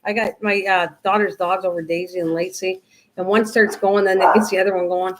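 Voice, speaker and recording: A woman's voice: mid-range voice, level tone, fairly quick, poor audio. An older woman hosting a live crafting stream, chatting casually, rambling and answering viewers as she works. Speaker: crafting livestream host.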